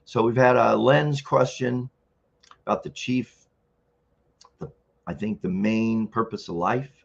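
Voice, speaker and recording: Older male stream host, low gravelly husky voice, rambling chat with throat clearing, dull lo-fi audio. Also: slow pace. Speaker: livestream host. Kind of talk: casual live-stream chat.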